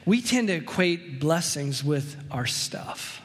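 Conversational pastor with a slightly high voice. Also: male voice, big pitch swings, long reverb tail. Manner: conversational preaching with anecdotes, slows for emphasis. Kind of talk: sermon.

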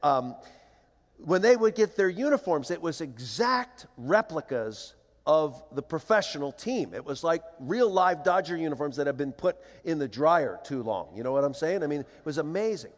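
A man's voice: a little high, normal speed. Older man telling stories in a big hall. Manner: animated, playful, acts out voices. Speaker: speaker. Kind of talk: humorous storytelling talk to an audience. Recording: long hall reverb.

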